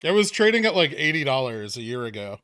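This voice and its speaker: A man's voice: mid-range voice, big pitch swings, fast, fairly bright tone, dry recording. A man hosting a casual trading livestream, rambling through dry sarcastic jokes with plenty of fillers. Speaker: streamer host of a stock trading livestream.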